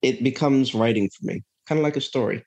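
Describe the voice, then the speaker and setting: Speaking briskly in a medium-pitched, darkish voice, a podcast guest earnestly reflects on a personal story. He thinks out loud, restarting his sentences and frequently asking "right?"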